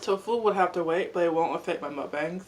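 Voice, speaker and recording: A woman's voice: fairly low pitch, a little fast. A young woman in a casual, rambling chat while she eats, using "like" a lot. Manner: chatty, rambling, lots of "like". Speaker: mukbang vlogger.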